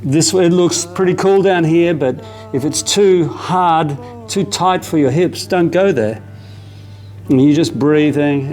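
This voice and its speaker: Calm Australian man guiding yoga. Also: fairly high pitch. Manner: calm, steady step-by-step cues, casual asides. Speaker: yoga teacher. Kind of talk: guided yoga class instruction. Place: yoga studio.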